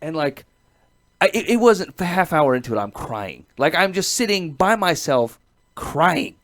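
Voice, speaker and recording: A man's voice: fairly high pitch, big pitch swings, a little slow, a bit bright. Earnest rambling middle-aged man. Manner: earnest, rambling storytelling with frequent laughs. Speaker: podcast host. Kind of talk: casual chat.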